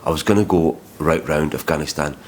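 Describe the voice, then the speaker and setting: A man's voice: extremely low pitch, fairly quick, a little mellow, a little hiss or hum. A man vlogging about his travels, talking in a rambling, heated way with plenty of swearing and restarts. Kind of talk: vlog storytelling.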